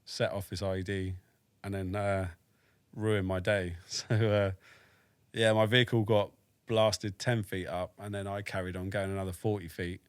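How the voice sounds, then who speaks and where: British ex-soldier around forty, blunt and dry-humoured, lowish voice, close dry studio sound. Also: male voice, little pitch movement, moderate pace, clean tone, dry recording. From United Kingdom. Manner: frank and matter-of-fact, swears, dry humour. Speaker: army veteran guest. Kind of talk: casual storytelling in a podcast interview.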